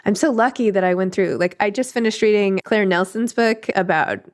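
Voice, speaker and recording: A woman hosts a relaxed conversation in a chatty, quick way, full of "like" and "right?". Her voice sits at a middle pitch, and she is animated when she acts out what others said. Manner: chatty, fast, many "like" and "right?" fillers; animated when acting out quoted speech. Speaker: host. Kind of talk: casual chat.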